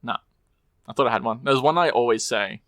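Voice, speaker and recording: A man's voice: medium pitch, a little fast, fairly bright tone, dry recording, clean studio sound. A young man co-hosting a casual podcast chat, rambling with lots of ums and quoted movie lines. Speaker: podcast co-host.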